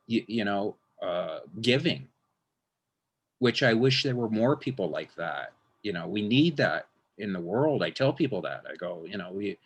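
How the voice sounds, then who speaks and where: A man's voice: fairly low pitch, slightly rough. A man, a magician, talking in a casual interview, rambling with frequent restarts and acting out quotes.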